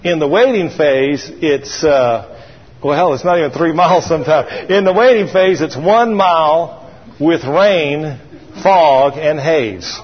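A man preaches in a somewhat high, husky voice, spinning a folksy story and calling for his congregation to answer him. The sound is dull, with a long reverb from a large church hall. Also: slow. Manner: call-and-response with congregation. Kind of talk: sermon. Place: church sanctuary.

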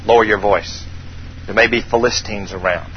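A man voicing an older, stern and secretive king talking to his son in a low hushed tone, on a dull recording. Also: expressive, fast, husky.

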